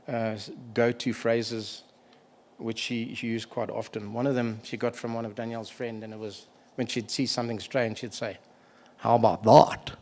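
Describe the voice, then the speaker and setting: A middle-aged man delivering a memorial eulogy for a family member, halting and emotional, pausing to clear his throat. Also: medium pitch, a little hiss or hum.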